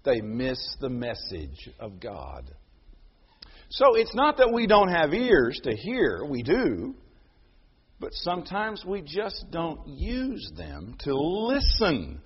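A middle-aged man delivers a sermon in a high, lively voice that leaps up and down in pitch. His tone is a little husky, and the recording sounds dull and lo-fi. He swings from loud proclaiming to hushed storytelling. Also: takes it slowly. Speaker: preacher.

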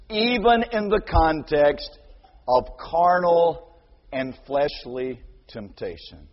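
A man preaching a sermon as pastor, animated, acting out quoted voices and building to near shouts, with a husky voice. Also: fairly high pitch, takes it slowly. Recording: dull sound with long hall reverb.

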